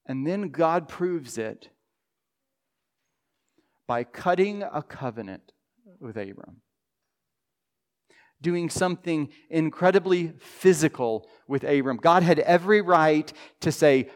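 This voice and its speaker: Pastor guy giving a sermon, kinda high voice, earnest, goes quiet on the prayers. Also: lively intonation, takes it slowly, pauses often. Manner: earnest preaching, drops to a soft hush on quoted prayers.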